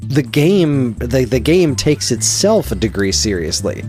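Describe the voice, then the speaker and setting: A man's voice: medium pitch, big pitch swings, unhurried, darkish tone, faint music behind. A man co-hosting a podcast in casual chat, arguing his view while musing and sounding unsure. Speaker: podcast co-host.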